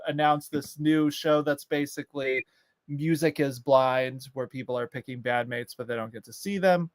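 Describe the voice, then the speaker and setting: This is a man co-hosting a laid-back chat show. His voice sits a bit high for a man. He rambles and rants freely and leans on filler words, and the sound is dry with no room echo. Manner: ranting, exasperated. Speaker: podcast co-host. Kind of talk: casual chat.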